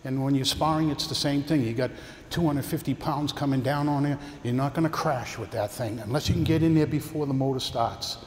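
A little fast and darkish in tone, an older man's medium-pitched voice leads a karate seminar, explaining techniques and coaching students through partner drills. There's a little hiss or hum, and the echoey hall gives long reverb and faint ambience.

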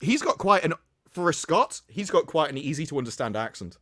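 A man's voice: a little high, fairly quick, no room sound, studio quality. A man from England, chatting and joking casually on a podcast. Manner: lively, joking, laughs often. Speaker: podcast co-host. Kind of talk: casual chat.

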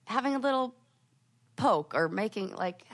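Chatty woman podcast host, rambling. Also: moderate pace. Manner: chatty, rambling with many fillers and restarts; lively, jumps up in pitch for quoted asides. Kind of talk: casual chat.

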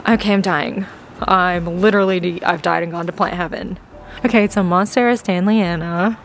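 A woman vlogs a plant shopping trip in a big box store's garden section, gushing and gasping with delight and often dropping to an awed whisper. Her mid-range voice moves a little slowly, with vocal fry. There's slight background noise.

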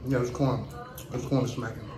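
A man's voice: mid-range voice, flat delivery, a little fast, echoey room, background noise. A middle-aged man from Chicago with a Chicago accent, hosting a casual mukbang with his grandchild in a laid-back way. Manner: laid-back, keeps saying "you know what I'm saying". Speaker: host, grandfather.

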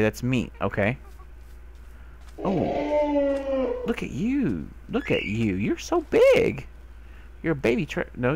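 Excitable young man talking to game animals. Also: on the high side, noisy background. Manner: talks to animals, excitable, squeals when delighted. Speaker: gamer. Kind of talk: casual let's play commentary.

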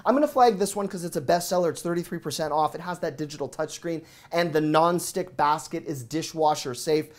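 Excited fast-talking man rattling off deals. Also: on the high side. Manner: excited, rapid auctioneer-like patter. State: sweating. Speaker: deals show host. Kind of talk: fast product deal rundown.

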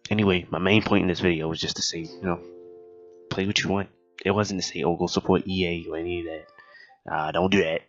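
A young man giving casual, excitable gameplay commentary, yelping and cussing at the game. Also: low-pitched, brisk, highs cut off, soft background music. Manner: excitable, yelps and cusses at the game. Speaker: gaming YouTuber.

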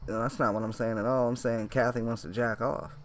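A man's voice: medium pitch, little pitch movement, fairly quick, a little hiss or hum. A man giving sarcastic, mocking reaction commentary over a played video.

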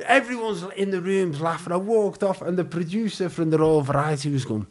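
A man in his forties with a Liverpool accent, a comedian telling animated anecdotes in a casual podcast chat, acting out the other people's voices and swearing freely. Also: high voice, fairly quick. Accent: Liverpool (Scouse). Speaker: comedian guest.

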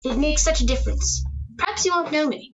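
The muffled recording captures a woman with a high-pitched, animated voice, a bit bright and brisk. She is voicing an affectionate, playful teenage daughter in a radio drama, bubbly and teasing while putting her hair up.

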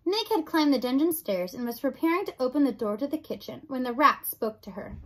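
A woman reading a children's novel aloud in an expressive storybook narration. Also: sits high, brisk, hardly any pauses, poor audio. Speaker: audiobook reader.

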